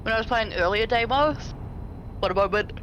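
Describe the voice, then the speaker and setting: Bright-voiced woman streamer, swearing freely. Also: a little high, moderate pace, highs cut off, a little hiss or hum. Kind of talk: casual gaming chat.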